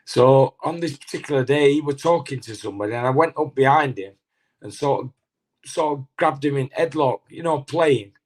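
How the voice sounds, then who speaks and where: A middle-aged man tells an anecdote in a casual interview, halting often with restarts and fillers. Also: medium pitch. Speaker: former boxer, interview guest.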